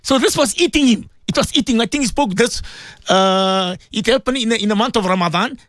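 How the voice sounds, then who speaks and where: A man hosting a religious radio show, telling a story in a lively way, often repeating phrases and mixing in Arabic and Urdu words. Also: high voice, fairly quick, dry recording, clean studio sound. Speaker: radio presenter and imam.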